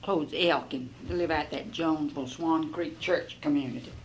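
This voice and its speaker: An older woman recalls her early married days in a folksy, rambling way, slipping into lively bursts when she quotes others. Her voice sits lowish for a woman, and a faint hiss lies under the talk. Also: normal speed, highs cut off. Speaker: interviewee. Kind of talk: oral history storytelling.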